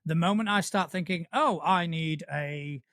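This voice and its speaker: A man from Spain co-hosting a podcast who talks in a casual chat style, pausing and restarting often. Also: fairly high pitch, fairly bright tone, dry recording, clean studio sound. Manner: hesitant, with many restarts and fillers. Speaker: podcast co-host.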